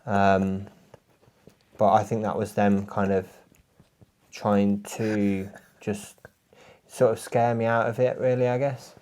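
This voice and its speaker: A man making a prank call, rambling earnestly and deadpan with fillers and hesitations. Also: fairly low pitch, takes it slowly, pauses often. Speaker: prank caller.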